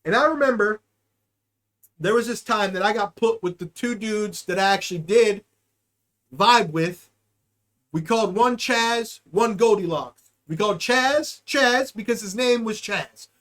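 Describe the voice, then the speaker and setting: Animated, foul-mouthed male storyteller. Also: sits high. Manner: animated, profane, swings between quick and drawn-out. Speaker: podcast host. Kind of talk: casual storytelling.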